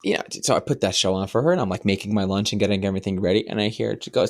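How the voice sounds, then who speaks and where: A young man co-hosting a podcast, telling a long rambling story with plenty of swearing and sudden high-pitched voices. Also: rapid-fire, vocal fry, dry recording. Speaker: podcast co-host. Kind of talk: casual chat.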